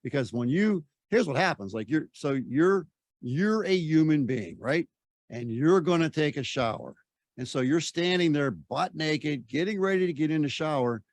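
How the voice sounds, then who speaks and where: Older man, mentor, fairly high voice, emphatic, repeats himself, dry close sound. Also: animated, moderate pace, dry recording. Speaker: personal development mentor. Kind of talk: casual interview chat.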